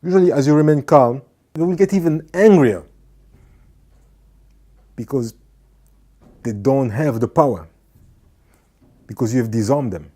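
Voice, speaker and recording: Mellow low-voiced man giving advice. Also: a little slow, long pauses. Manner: earnest, repeats phrases, acts out shouting people. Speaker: motivational speaker. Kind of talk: motivational talk.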